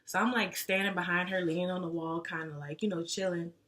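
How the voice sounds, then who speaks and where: A woman's voice: on the low side, steady tone, a little fast, fairly bright tone. A young woman telling a story in a casual, slangy, chatty way to her vlog audience. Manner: slangy and chatty, with lots of fillers like "like". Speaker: vlogger.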